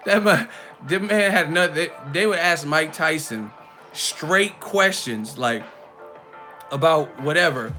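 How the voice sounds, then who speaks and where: A man riffs through a live boxing chat in an animated, profane way, laughing between points. His voice is slightly high and bright, with a forceful edge. Faint music plays underneath. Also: slow pace. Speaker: boxing channel host. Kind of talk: live casual commentary.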